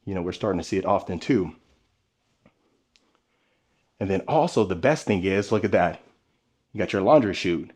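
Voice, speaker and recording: A man with a slightly low voice narrates a home tour from inside a large house. He speaks with steady enthusiasm and talks directly to the people watching. The sound comes from a handheld camera carried as he moves between rooms. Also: normal speed, long pauses. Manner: enthusiastic, addresses viewers directly.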